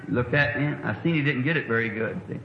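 A man's voice: mid-range voice, fast, creaky. A middle-aged man, preaching a sermon in a folksy, rambling, anecdotal way. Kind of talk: sermon storytelling. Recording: echoey, dull old sermon recording with faint hiss.

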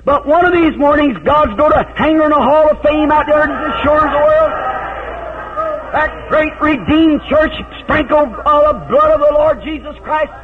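High-voiced preacher on old tinny tape. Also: male voice, fairly even intonation, normal speed. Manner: folksy storytelling, breaking into shouted hallelujahs. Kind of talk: revival sermon.

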